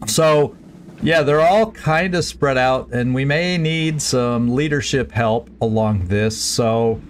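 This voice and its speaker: A man streaming a strategy game, planning his moves aloud in a halting, casual way with frequent restarts. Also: medium pitch, a little hiss or hum. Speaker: gameplay streamer. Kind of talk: casual let's-play commentary.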